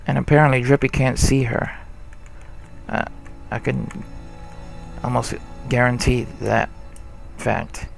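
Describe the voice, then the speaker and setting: A man's voice: mid-range voice, fairly even intonation, takes it slowly, creaky, soft background music. A man casually commenting on a game he is playing, in dry, offhand asides. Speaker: let's play host.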